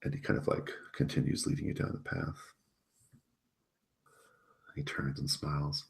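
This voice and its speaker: A man narrating as game master in a relaxed, chatty way. His voice is very deep. He leans on filler words as he describes the scene. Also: moderate pace, gravelly. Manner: casual, many filler words.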